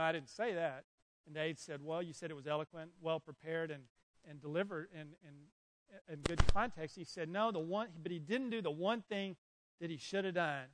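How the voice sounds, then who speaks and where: A man preaching a sermon to young people, telling stories and urging listeners directly. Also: fairly high pitch. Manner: animated, storytelling, urges listeners directly. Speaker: youth pastor. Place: indoor room with an audience.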